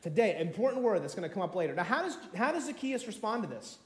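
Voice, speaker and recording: High-voiced male preacher in an echoey room. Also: fast. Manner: animated, acts out the story with quoted voices. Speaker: pastor. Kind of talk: sermon. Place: room with a congregation.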